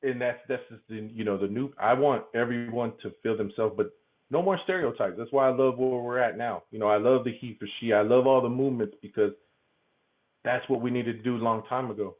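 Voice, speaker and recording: A man talks openly as an interview guest in a middle-pitched voice. He laughs easily and trips over his own words, repeating them as he finds his way. His voice comes through thin and tinny, as if over a phone line. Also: fairly quick. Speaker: podcast guest. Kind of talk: candid conversational interview.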